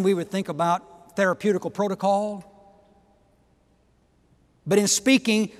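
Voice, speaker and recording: A man preaching a sermon, emphatic, swinging from quiet asides to loud exhortations. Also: fairly high pitch, long reverb tail. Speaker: pastor.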